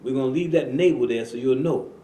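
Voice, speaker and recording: A man's voice: medium pitch, dark tone. Preaching man with an emphatic, roomy voice. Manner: preaching, slow and emphatic, repeating phrases. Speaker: imam and show host. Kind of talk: religious talk radio conversation.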